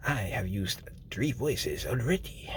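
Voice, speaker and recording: A man putting on a low, breathy, half-whispered faux-French voice, smug and rambling. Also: big pitch swings, a little slow, pushed and bright, slight background noise, heavily acted. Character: hushed pseudo-French crooner Jean-Claude, smug.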